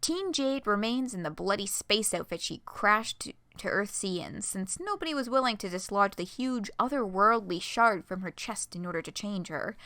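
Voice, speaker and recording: A woman's voice: medium pitch, sharp tone, no echo. A young woman live-streaming a read-aloud of a fan story, swearing, laughing and gushing between passages.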